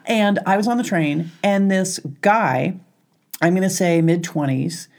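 A middle-aged woman with a low voice leads a relaxed conversation. She tells stories with energy and acts out the voices of the people in them. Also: measured pace. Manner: animated storyteller, acts out quoted voices. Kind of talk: casual chat. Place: recording studio.

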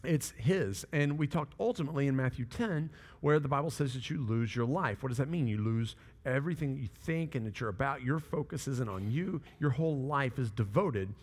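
A male pastor preaching a sermon, telling stories in a lively way and acting out the people he quotes. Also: mid-range voice, a little fast, in a large hall. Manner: animated storytelling with quoted voices.

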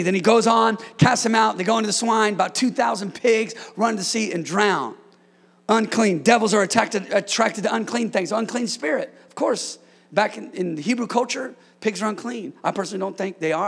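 Male preacher, fired-up sermon delivery, high voice with a gravelly edge, jokes with the room. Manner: excitable, shouts commands, jokes with congregation. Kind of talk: energetic sermon.

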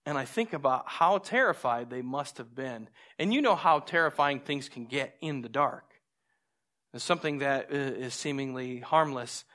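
A man preaching a sermon, telling stories with lively, acted-out moments and drawing lessons from scripture. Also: mid-range voice, moderate pace. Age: adult with a young son. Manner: animated storytelling, acts out scenes. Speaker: pastor.

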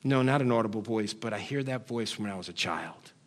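A man preaching a sermon, firing rhetorical questions at the congregation and swinging from loud calls to quiet, low asides, now and then putting on nagging family voices for laughs. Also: brisk. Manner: puts on nagging family voices for comic effect. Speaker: pastor.

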